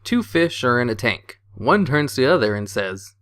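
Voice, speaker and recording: A man reading a list of jokes aloud with an even, steady storytelling manner. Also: medium pitch, moderate pace, dry recording, clean studio sound. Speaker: narrator of jokes.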